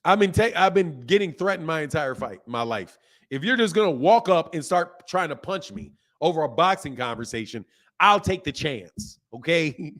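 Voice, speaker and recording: Talking straight back to his chat, this boxing stream host in his fifties sounds fed up and animated as he reads the comments aloud. His fairly high voice swings a lot, his pace is moderate, and the talk is loose and unscripted.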